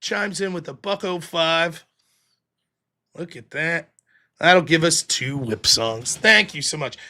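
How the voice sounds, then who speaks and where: A man's voice: a little high, sharp tone. A man hosting a casual livestream, talking in a joking, profane, ranting way. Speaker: livestream host.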